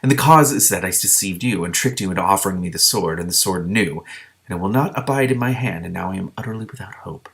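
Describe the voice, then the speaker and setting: A weepy, melodramatic young princess, as a man reading aloud puts her on. She laments in stately, old-fashioned phrasing, close to his own low voice. Her grief is theatrical and never-ending. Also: animated, quick pace, a bit bright. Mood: lamenting. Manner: archaic, tragic phrasing.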